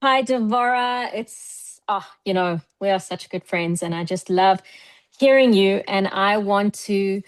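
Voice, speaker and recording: A woman calling in on a video call, gushing and enthusiastic, talking quickly. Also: mid-range voice, clean tone. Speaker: friend calling in.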